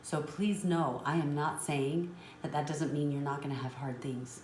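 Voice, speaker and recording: A woman's voice: low-pitched, steady tone, moderate pace, darkish tone. A woman business trainer telling a motivational story in an earnest, emotional way. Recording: roomy with faint noise.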